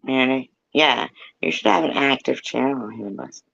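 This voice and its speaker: A woman's voice: very deep voice, normal speed, gravelly, a bit bright, husky, muffled recording. A woman hosting a live stream, chatting with viewers in a rambling, swearing, casual way. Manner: rambling, swears a lot, sings snatches. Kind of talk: casual chat.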